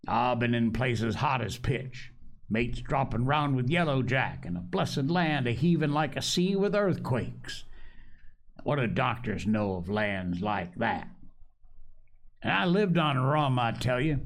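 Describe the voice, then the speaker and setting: A man's voice: medium pitch, expressive, slow. A man voicing an ailing old male sea captain who craves rum, speaking in a coarse sailor's dialect with pleading and cursing. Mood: blustering.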